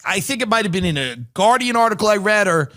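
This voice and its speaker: Man, podcast host, sardonic comedic riffing, high pitch, sharp tone. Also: animated, quick pace. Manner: sardonic, reads news articles aloud and riffs on them. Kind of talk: comedic commentary.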